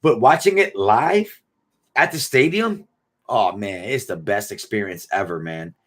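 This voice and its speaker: A man's voice: on the low side, lively intonation, a little slow, fairly bright tone. A man, hosting a casual live stream and reading out viewer comments in laid-back, slangy banter. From Buffalo, New York. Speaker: livestream host reading chat.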